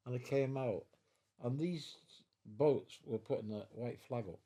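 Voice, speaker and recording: Very old man, dark mellow voice. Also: mid-range voice, breathy edge. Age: 90s. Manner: halting, repeats words, acts out voices in his stories. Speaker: veteran guest. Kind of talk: storytelling in an interview. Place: living room at home.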